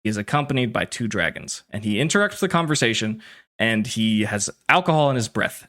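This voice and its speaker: A man narrating a tabletop role-playing game as game master in a relaxed, descriptive way. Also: fairly low pitch, brisk.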